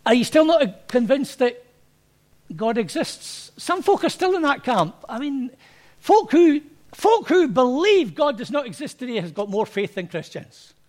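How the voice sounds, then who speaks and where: In a very high but darkish-toned voice, a pastor delivers a sermon to his congregation, unhurried and very animated. He tells anecdotes conversationally and often acts out the people he's quoting.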